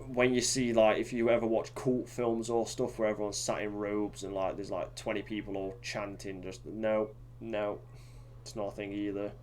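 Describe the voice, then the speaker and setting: This podcast co-host is a man with a lowish, somewhat mellow voice, speaking at a moderate pace in a level tone. He rambles through casual conversation, often using fillers and starting over. Slight background noise is audible.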